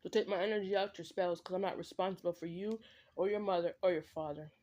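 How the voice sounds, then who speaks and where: A woman's voice: fairly low pitch, steady tone, fast, warm tone, lo-fi sound. Emphatic woman scolding in a vlog. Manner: emphatic, repetitive, full of "like" and "right?"; scolding someone directly, with short laughs. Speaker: vlogger. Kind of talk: direct-to-camera spiritual monologue.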